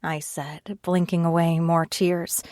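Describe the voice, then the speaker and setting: A woman narrating an audiobook in first person, reading at a slow, steady pace and raising her pitch for the other characters' lines. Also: dry recording, studio quality. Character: tearful frightened young woman narrator, Ivy.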